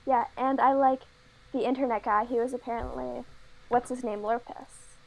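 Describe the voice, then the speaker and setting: Brief: female guest, bright high register, halting and casual. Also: steady tone, vocal fry, slight background noise, rough recording. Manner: hesitant, with many ums. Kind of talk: casual chat over a video call.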